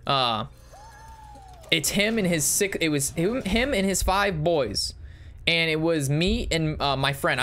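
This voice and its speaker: A man's voice: fairly high pitch, a bit bright, slight background noise. Profane rambling male streamer. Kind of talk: casual storytelling while streaming.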